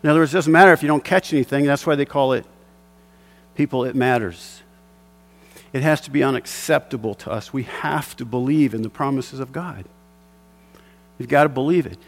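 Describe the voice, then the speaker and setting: A man's voice: mid-range voice, a little fast, pauses often. A middle-aged man preaching as a pastor, moving between fervent exhortation and a chuckling personal fishing story. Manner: impassioned preaching with chuckling asides.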